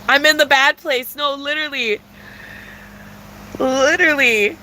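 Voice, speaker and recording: A woman's voice: sits high, slow, bright, forceful tone, slight background noise. A young woman telling a casual storytime rant about a bad date, dramatic and profane, full of slang fillers. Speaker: vlogger.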